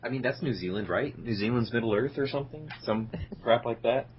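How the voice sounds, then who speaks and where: A man's voice: medium pitch, brisk, breathy edge, muffled recording. A man co-hosting a casual gaming podcast, sarcastic and teasing. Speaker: podcast co-host.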